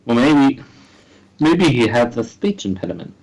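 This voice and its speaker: A man's voice: mid-range voice, big pitch swings, measured pace, darkish tone, low-quality recording. A man co-hosting a comedy gaming podcast, teasing his partner in a dry way. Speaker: podcast co-host. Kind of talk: comedic game-review chat.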